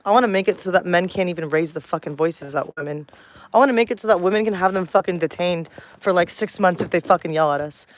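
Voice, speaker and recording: This is a casual livestream rant from a woman in her thirties at home at night, delivered fast in a lowish voice with slight background noise. She's heated and blunt, swears heavily, and coos baby talk to her dog.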